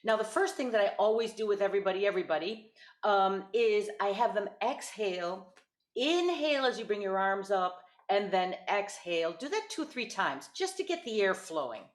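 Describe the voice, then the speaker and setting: A woman's voice: mid-range voice, expressive, moderate pace. A woman patient voice teacher, echoey call. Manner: patient, encouraging, demonstrates vocal exercises. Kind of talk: online voice lesson. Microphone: video call.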